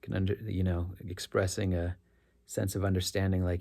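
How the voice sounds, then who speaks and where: Telling one of his stories, this middle-aged man who drives rideshare rambles and keeps correcting himself, earnest yet casual. He speaks fairly quickly in a deep, level, mellow voice with vocal fry.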